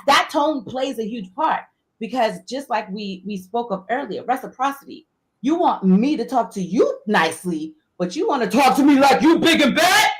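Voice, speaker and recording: A woman's voice: a little high, sing-song, normal speed. A woman co-hosting a live online panel talk, speaking bluntly and emphatically with plenty of slang. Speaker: co-host.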